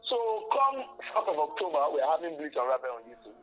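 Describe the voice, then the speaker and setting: A man's voice: a little high, big pitch swings, fast, a bit bright, highs cut off. Male comedian from Canada, teasing and bouncy in tone, music behind. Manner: playful, teasing. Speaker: comedian guest. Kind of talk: casual chat.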